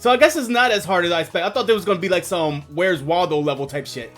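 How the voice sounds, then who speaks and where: A man's voice: high voice, fast talker, fairly bright tone, faint music behind. Rambling, profane male game streamer. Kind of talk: casual let's-play chat.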